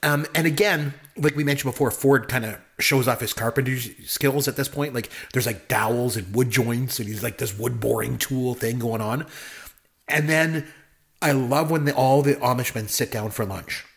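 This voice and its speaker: A man's voice: medium pitch, normal speed, gravelly. A man co-hosting a casual movie talk, enthusiastic and rambling, with lots of fillers. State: married. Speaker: podcast co-host.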